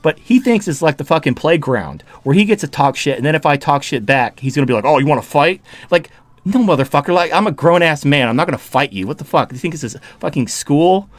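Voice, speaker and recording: Man ranting host, sharp and dry. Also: on the high side, lively intonation, fast, no echo. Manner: heated, swearing, mocking. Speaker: podcast host. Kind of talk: profane ranting chat.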